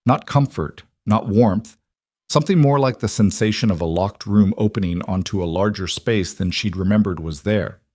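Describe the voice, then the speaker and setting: Guy reading a story out, low voice, steady, super dry close sound. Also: moderate pace, no echo. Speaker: narrator. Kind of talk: scripted audiobook narration.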